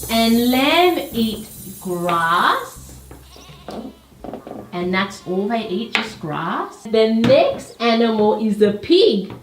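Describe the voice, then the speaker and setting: Slow, gentle woman teaching kids. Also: a little high, sing-song, noisy background. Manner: gentle, coaxing, imitates animal sounds. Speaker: parent presenting toy animals to children. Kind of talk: slow explanatory narration for kids. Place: home room. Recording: echoey room with music behind.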